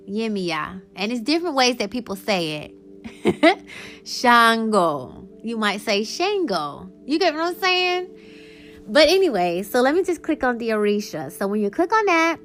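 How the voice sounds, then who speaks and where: Chatty excitable woman podcaster. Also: medium pitch. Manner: chatty, excitable, laughs often, slows down reading lists. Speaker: podcast host. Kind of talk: casual solo podcast chat.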